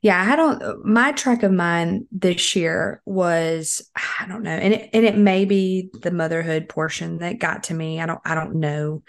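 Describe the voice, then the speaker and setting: A woman's voice: fairly low pitch, unhurried, hardly any pauses. A young woman co-hosting a podcast in casual chat, telling stories animatedly and laughing often. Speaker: podcast co-host.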